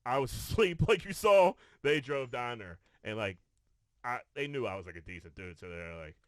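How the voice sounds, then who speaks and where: A man's voice: medium pitch, animated, normal speed, no echo. A man co-hosting a podcast, telling a profane story with lots of restarts and acted-out quotes. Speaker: podcast co-host. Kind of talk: casual chat. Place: podcast studio.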